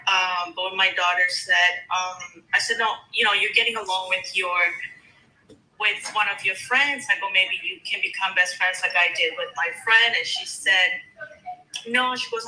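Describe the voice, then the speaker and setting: A woman's voice: medium pitch, steady tone, moderate pace, bright, forceful tone, reverberant, rough recording. Hesitant, emotional woman from Canada. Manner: emotional, hesitant, many fillers. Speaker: guest caller. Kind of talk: casual chat.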